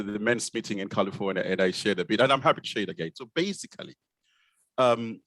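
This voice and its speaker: A middle-aged man from Zimbabwe with a Zimbabwean accent softened by years in the UK, telling his story in a relaxed, self-deprecating way with plenty of fillers and restarts. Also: medium pitch, dry recording. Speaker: guest, consultant pediatrician. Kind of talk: casual conversational storytelling.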